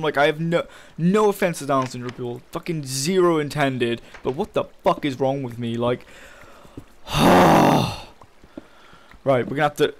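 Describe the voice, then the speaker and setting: A man's voice: mid-range voice, fairly even intonation, normal speed. A young man giving casual, swear-heavy commentary as he plays a Minecraft map and rants about his losses. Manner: casual, swearing, frustrated ranting. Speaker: gaming YouTuber. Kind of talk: Minecraft let's play commentary.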